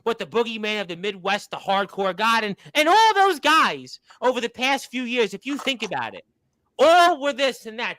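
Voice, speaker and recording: Wrestling show host guy, real high bright voice, rambly, dry close sound. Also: dry recording, poor audio. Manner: rambling, folksy, repeats words. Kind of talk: wrestling talk show banter.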